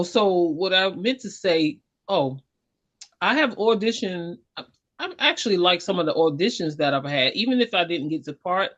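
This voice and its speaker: A woman guest on an interview talks her way through her stories, rambling and earnest. Her voice sits at a middle pitch. The audio is dull and lo-fi. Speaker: actor and singer guest. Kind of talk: casual interview chat.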